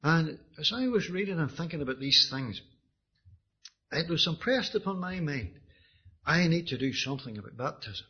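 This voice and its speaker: A Northern Irish man preaches his own testimony in an earnest, halting way, often repeating words as he restarts. His voice is husky and sits a little high for a man. The recording is dull and lo-fi. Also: lively intonation. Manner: earnest, with frequent restarts and repetitions. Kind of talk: personal testimony sermon.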